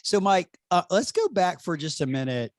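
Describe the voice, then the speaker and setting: A man's voice: high-pitched, big pitch swings, normal speed, no echo, clean studio sound. Upbeat Southern man hosting. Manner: upbeat, friendly, asks questions warmly. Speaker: podcast host. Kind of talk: interview conversation.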